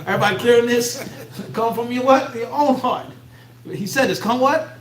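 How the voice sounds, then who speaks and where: High-voiced Philadelphia man lecturing in an echoey room. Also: moderate pace. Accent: Philadelphia American. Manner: fills in blanks with rhetorical "what?" questions; blunt, streetwise phrasing. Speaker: Islamic teacher. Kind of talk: religious lecture to a class. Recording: echoey room, mic far off, faint hum.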